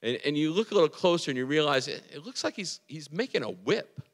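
A man preaching a casual, excitable sermon, telling a story with many restarts and filler words. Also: on the high side, quick pace, in a large hall. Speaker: pastor.

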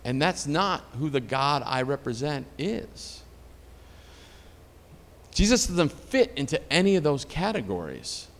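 Storytelling pastor in a reverberant hall. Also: male voice, fairly high pitch, big pitch swings, measured pace. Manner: conversational storytelling with rising emphatic peaks. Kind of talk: sermon.

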